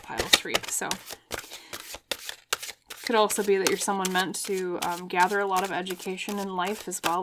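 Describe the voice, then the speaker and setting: Woman, tarot reader, pick-a-card reading, chatty, excitable, fairly low voice. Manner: chatty, excitable, talks straight to viewers.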